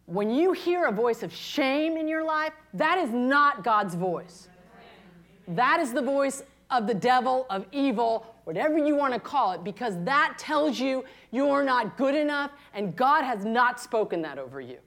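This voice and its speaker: A woman in her fifties, a pastor preaching a candid, confessional sermon, moving between hushed and impassioned. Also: high-pitched, lively intonation, unhurried. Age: 50s.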